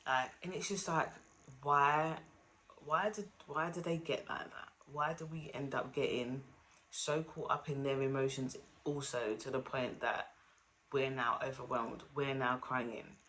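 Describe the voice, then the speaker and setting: A woman's voice: very deep voice, fairly even intonation, a little slow, a bit bright, a little hiss or hum. A woman hosting her own vlog, talking in a candid, rambling, self-deprecating way and sounding weary. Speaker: vlog host. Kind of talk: casual confessional chat.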